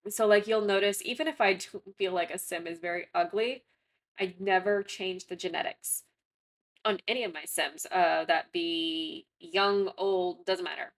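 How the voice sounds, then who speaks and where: Talking through her gameplay in a lowish voice at a moderate pace, a young gaming content creator keeps things chatty and rambling. Fillers come often, and she frequently stops to correct herself partway through sentences.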